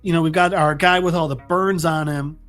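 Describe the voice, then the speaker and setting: A man's voice: fairly high pitch, fairly even intonation, moderate pace, a bit bright, soft background music. A man hosting a casual comic book recap, rambling with many restarts. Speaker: host.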